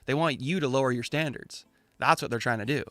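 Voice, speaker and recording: A man's voice: medium pitch, brisk, fairly bright tone, no room sound. A man hosting a casual, opinionated chat, ranting in slang and mocking the voices of the people he quotes. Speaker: crypto channel host.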